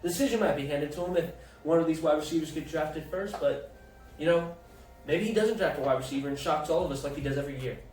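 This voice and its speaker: A man hosting a casual sports chat, joking loudly and swearing freely. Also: fairly high pitch, fast talker, echoey room, distant mic, soft background music, rough recording. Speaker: podcast host.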